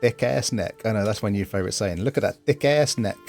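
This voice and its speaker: Man hosting a game stream, deeper side, casual and sweary. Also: brisk, darkish tone, soft background music. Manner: laughing, sweary, chatty. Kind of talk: casual stream chat, reading chat aloud.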